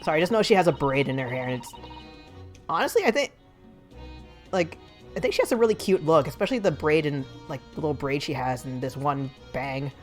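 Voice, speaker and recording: A woman's voice: sits low, animated, fairly quick. Giggly woman chatting while gaming. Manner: chatty, giggly, self-deprecating. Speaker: streamer playing a game. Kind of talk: casual let's-play commentary. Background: faint game music.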